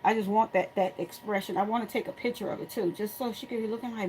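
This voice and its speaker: A middle-aged woman hosting a crafting tutorial from home, chatting casually and telling animated stories to her viewers while she works. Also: lowish voice, brisk, a little hiss or hum, poor audio.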